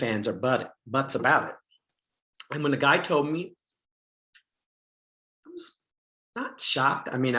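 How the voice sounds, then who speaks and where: This middle-aged man is speaking at a summit, candidly recounting something from his own life in a somewhat bright, mid-pitched voice. The humor is self-mocking, and the talk is full of fillers and false starts as he laughs at himself.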